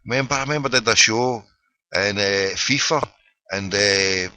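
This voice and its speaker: A man's voice: on the low side, normal speed, bright, forceful tone, no room sound, rough recording. A middle-aged man with a Glaswegian accent hosting a phone-in podcast, ranting sarcastically and swearing freely in casual solo commentary. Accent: Scottish, Glaswegian.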